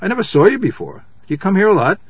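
A man voicing a curious, stubborn ten-year-old girl in a read-aloud children's story, his husky voice raised in pitch. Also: very animated, rapid-fire, no echo, highs cut off, exaggerated voice. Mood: insistent.

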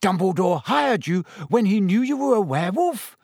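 A man's voice: high-pitched, lively intonation, moderate pace, a little mellow, no room sound, studio quality, voice pushed up. A man reading an audiobook voices a frightened, hurt teenage boy who gasps out his words in alarm. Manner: gasping, alarmed.

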